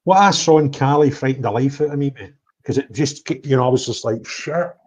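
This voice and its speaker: Husky blunt man, lo-fi stream. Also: a little fast. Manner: blunt, swings between loud outbursts and low mutters. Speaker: streamer telling of his travels. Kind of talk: animated livestream chat. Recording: dull lo-fi stream audio.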